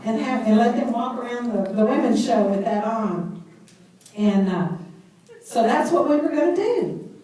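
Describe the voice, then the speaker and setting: A woman's voice: fairly high pitch, unhurried, far from the mic. Woman telling her story in an echoey hall. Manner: animated storyteller who laughs at herself. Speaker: speaker sharing her story. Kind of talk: personal testimony speech.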